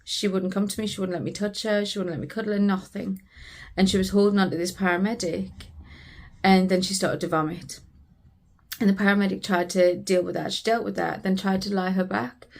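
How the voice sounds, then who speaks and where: A woman's voice: mid-range voice, steady tone, a little fast, vocal fry. A British woman, a family vlogger, earnestly retelling a frightening family emergency in a personal storytelling vlog.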